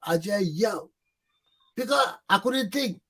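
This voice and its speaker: A middle-aged man hosting a talk show, telling a long personal story in a casual, animated way and acting out shouted quotes. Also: high voice, measured pace, a crowd in the background. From Liberia.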